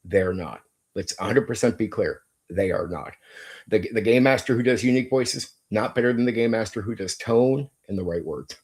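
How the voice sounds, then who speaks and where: A man's voice: on the low side, normal speed, darkish tone. A middle-aged man hosting his channel, giving a blunt, emphatic monologue with some swearing. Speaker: channel host. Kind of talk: opinionated monologue.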